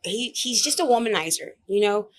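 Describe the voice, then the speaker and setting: A woman comedian telling a story in a casual interview, blunt and profane, animated as she talks. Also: mid-range voice, a little fast. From Oak Cliff, Dallas area, Texas. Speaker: comedian guest.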